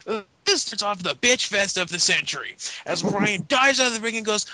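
A man's voice: high voice, very animated, brisk, sharp tone, dry recording. A Canadian man co-hosting a podcast, rambling through a wrestling recap and acting out wrestlers' lines in voices. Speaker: podcast co-host. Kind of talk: casual chat, recapping wrestling.

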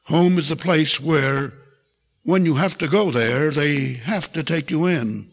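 A man's voice: high voice, normal speed. Warren, a skeptical farmer, read by an older man. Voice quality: gravelly, husky voice. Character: gruff, skeptical middle-aged farmer. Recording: reverberant hall from an archive tape.

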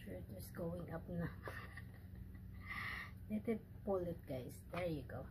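A woman with a Filipino accent, chatting excitedly and slipping in Tagalog words while unboxing a package for her vlog in a room indoors. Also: on the low side, moderate pace, noisy background. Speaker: vlogger.

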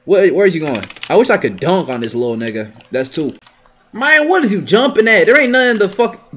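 A young man with a high, bright voice narrates his gameplay live. His delivery is animated and full of profane trash talk, and he often breaks into yelling. The sound is sharp and forceful throughout. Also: fairly quick, a little hiss or hum. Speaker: gaming video creator.

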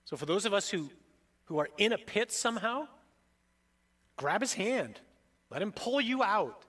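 A middle-aged man preaching in a slightly high voice. He delivers the sermon emphatically, with dramatic swings between loud and soft. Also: very animated, unhurried. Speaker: priest.

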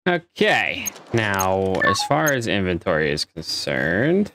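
A man's voice: sits low, big pitch swings, slow pace, noisy background. A man giving casual let's-play commentary, muttering to himself as he works things out and swearing when frustrated. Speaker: gamer playing a space survival game.

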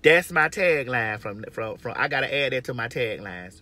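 A woman's voice: a bass voice, expressive, normal speed, sharp tone. A woman giving brash, profane, emphatic advice in a casual monologue from her car. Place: inside a parked or moving car.

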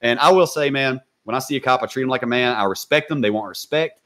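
A man's voice: mid-range voice, fast, a bit bright. A man talking as a guest on a podcast, blunt and laid-back, with a lot of casual slang.

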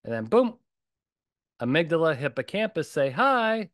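Recorded dry with clean studio sound, a man with a mid-range voice speaks a little slowly while hosting his own podcast solo. His talk is blunt and emphatic, animated, with plenty of punchy repetition.

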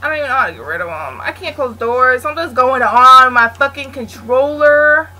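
A woman narrating her horror game run with a high, bright voice that swings wildly in pitch. She is frantic and swears constantly, yelling at the characters on screen, then drops to a hushed mutter when she hides. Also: expressive, a little fast, hardly any pauses. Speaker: gaming channel host. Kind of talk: let's play commentary.

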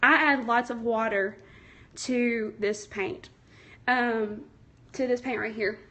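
A woman's voice: fairly high pitch, fairly even intonation, slow, pushed and bright. A young woman, chatty and a little nervous, hosting a casual craft livestream from home and answering viewer comments. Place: home, indoors. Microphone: phone.

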